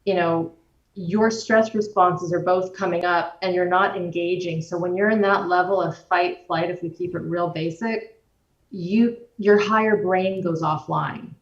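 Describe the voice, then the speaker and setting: A woman guest explaining the nervous system in a measured way, using everyday examples. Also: lowish voice, steady tone. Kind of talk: explanatory conversation. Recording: roomy, distant, dull-sounding recording.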